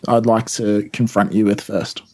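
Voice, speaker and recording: A man co-hosting a casual podcast, talking in a wry, deadpan way. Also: on the low side, normal speed. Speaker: podcast co-host. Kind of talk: casual chat.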